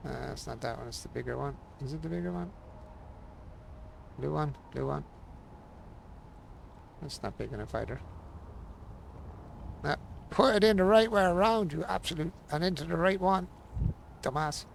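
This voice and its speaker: A man's voice: fairly high pitch, expressive, moderate pace, gravelly, long pauses, noisy background. A man streaming a building game, casually muttering to himself and mocking his own frustration. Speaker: gaming streamer. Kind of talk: casual live-stream commentary while building.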